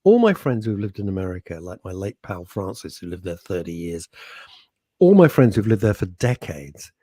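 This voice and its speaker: Husky-voiced man ranting on radio. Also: sits low, big pitch swings, normal speed, dark tone, no room sound. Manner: chatty, jokey, ranting asides. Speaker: radio show co-host. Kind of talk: casual studio banter. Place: radio studio. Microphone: studio microphone.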